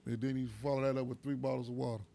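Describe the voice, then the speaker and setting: A man's voice: mid-range voice, level tone, rapid-fire, creaky, warm tone. A man in casual chat, telling stories in a laid-back way with plenty of slang.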